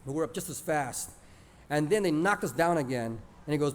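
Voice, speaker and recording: A man's voice: on the high side, a little fast. A man telling a childhood story plainly, dropping in Spanish words. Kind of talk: oral storytelling of a childhood memory.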